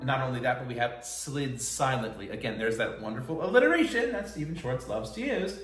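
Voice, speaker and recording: A man's voice: mid-range voice, animated, a little fast. A man teaching a songwriting lesson, explaining lyrics with enthusiasm. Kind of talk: song analysis lesson. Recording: roomy echo, faint music.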